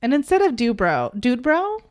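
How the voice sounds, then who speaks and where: A woman's voice: high voice, huge pitch swings, normal speed. Playful woman recapping a book. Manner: playful, recapping with jokes and giggles. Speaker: podcast host. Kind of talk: casual book recap chat.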